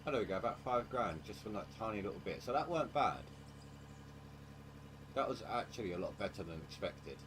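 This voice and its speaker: Tired male streamer, deep voice, chatty, game noise running behind. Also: fast, few pauses. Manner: relaxed, chatty, thinking aloud. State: tired, yawning. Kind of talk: casual gameplay commentary.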